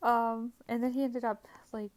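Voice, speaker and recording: A woman's voice: on the high side, flat delivery, moderate pace. A woman hosting a gaming channel, recapping her gameplay in a casual, rambling voice-over full of fillers and frequent giggles.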